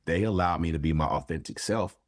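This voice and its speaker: A man's voice: sits low, a little fast, no room sound, clean studio sound. A man, a therapist and podcast guest, talking frankly in casual conversation, swearing freely and acting out quoted people.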